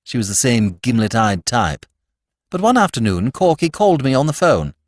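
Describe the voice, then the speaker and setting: A man reading a story aloud as a podcast narrator, telling it in an expressive, animated way. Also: mid-range voice, moderate pace, no echo, clean studio sound. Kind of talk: scripted audiobook narration.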